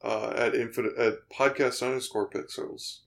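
A man's voice: medium pitch, steady tone, normal speed, creaky. Hesitant male podcast co-host. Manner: hesitant, lots of uh fillers, teasing. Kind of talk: casual podcast chat.

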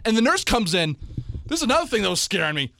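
A young man, co-hosting a casual sports podcast and telling an animated story in which he acts out the people in it. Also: high voice, quick pace, slight background noise. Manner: animated storyteller, acts out quoted voices loudly. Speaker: podcast co-host.

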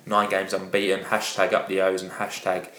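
A man's voice: deep voice, monotone, moderate pace, fairly bright tone. A man hosting a casual football podcast, upbeat and agreeable as he reads listener tweets aloud. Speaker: podcast host. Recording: echoey room.

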